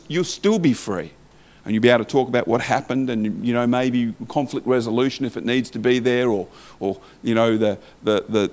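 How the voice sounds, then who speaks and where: A man's voice: medium pitch, a little mellow. A man preaching a sermon in a conversational way, reading scripture aloud and asking the listeners questions.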